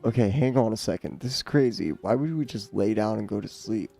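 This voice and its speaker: A man's voice: on the low side, expressive, fairly quick, creaky, warm tone, faint music behind. A man doing a skeptical young hero. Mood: puzzled. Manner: questioning, down to earth.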